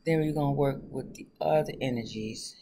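Gravelly-voiced woman rambling to viewers. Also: a bass voice, a little fast, mellow, slight background noise. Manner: rambling, chatty, talks straight to viewers; laughs often. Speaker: tarot reader. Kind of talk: casual tarot reading vlog.

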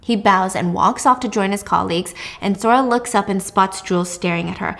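A woman's voice: medium pitch, animated, a little fast, creaky, hardly any pauses, fairly bright tone. A woman host casually recapping a thriller plot with chatty asides. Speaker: podcast host.

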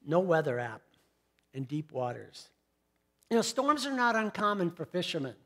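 A middle-aged man delivers a sermon in a fairly high voice. He retells the story in a conversational way and turns to the congregation with asides and questions. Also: big pitch swings, moderate pace, a bit bright. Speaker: pastor.

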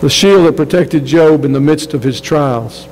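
A man's voice: on the high side, moderate pace, a little mellow, long reverb tail, slight background noise, poor audio. A man preaching a sermon as pastor, earnest and emphatic, often repeating words as he restarts a phrase.

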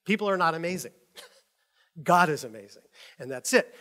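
A man preaching a sermon as pastor, telling stories in an animated way and acting out the people he quotes. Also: a little high, moderate pace.

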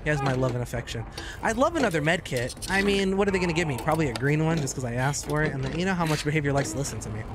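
A man giving joking, excitable commentary while streaming gameplay, often breaking into high shouts. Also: rapid-fire. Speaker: gaming streamer.

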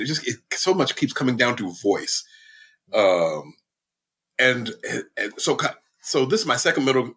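A man, an author and middle school teacher, telling animated stories as a podcast guest, laughing often and mimicking his students. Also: fairly low pitch, husky. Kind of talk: casual storytelling interview.

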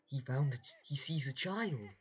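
A YouTube host reacting to animations in an excitable way, gasping often and repeating words when alarmed. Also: medium pitch, moderate pace, husky.

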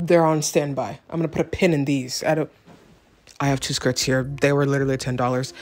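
A woman's voice: deep voice, fairly even intonation, normal speed, a little mellow, faint music behind. Playful young woman hosting a clothing haul. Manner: playful, self-mocking, theatrical asides to the viewer. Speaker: fashion vlogger. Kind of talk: casual clothing haul vlog.

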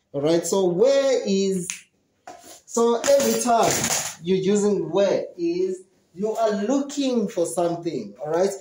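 Slow, repetitive online English teacher. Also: mid-range voice, dark tone, roomy sound, low-quality recording. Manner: slow, repetitive, drilling questions and answers. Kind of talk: online lesson for young learners.

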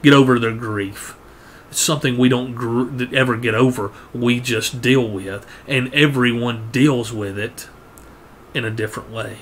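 An earnest male preacher delivering a sermon at a middle pitch. He repeats words as he goes and climbs higher when he presses a point. A faint hiss sits under the voice. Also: steady tone, unhurried, a bit bright.

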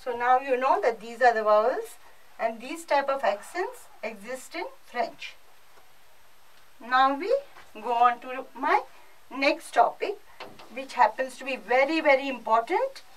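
A woman's voice: high voice, lively intonation, a little slow, distant mic, poor audio. A female French teacher with an Indian English accent, giving a recorded class lesson and explaining patiently with lots of repetition.

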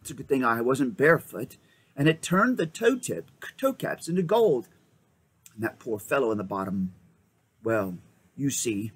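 A man reading aloud and voicing a bold, quick-thinking schoolboy who speaks urgently and emphatically. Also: mid-range voice, sing-song, husky.

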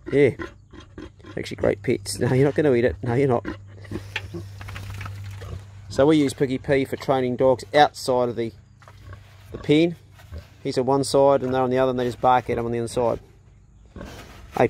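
A man with a New Zealand accent chats in an easygoing, slangy way while he films himself on a rural property. He holds a phone up close, so the sound is a bit rough. There is a faint hiss of wind and outdoor air behind him. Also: mid-range voice, dark tone. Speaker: outdoor food vlogger. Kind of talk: casual chat. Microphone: handheld phone.

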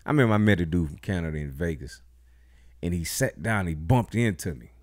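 An animated man co-hosts a podcast and tells stories with a wildly expressive pitch. He laughs a lot between lines. The voice is recorded dry and close. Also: quick pace, no echo. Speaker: podcast co-host. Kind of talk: casual chat.

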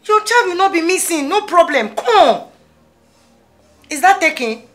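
An actress with a Nigerian accent playing an older mother who coaxes and calms her distraught daughter in a gospel film. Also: extremely high pitch, a little slow, soft background music, heavily acted. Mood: soothing. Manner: soothing, coaxing, insistent.

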